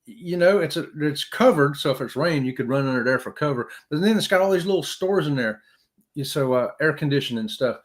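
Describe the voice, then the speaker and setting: A man's voice: on the high side, expressive, a little fast. A man hosting a casual live-stream chat, jokey and talkative, greeting viewers by name.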